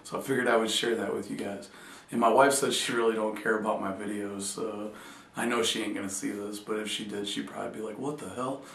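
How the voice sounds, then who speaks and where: A man's voice: on the low side, little pitch movement, quick pace, vocal fry, fairly bright tone. A man talking casually to camera, telling a funny story in a loose, joking way. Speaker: vlogger. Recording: echoey room, distant mic.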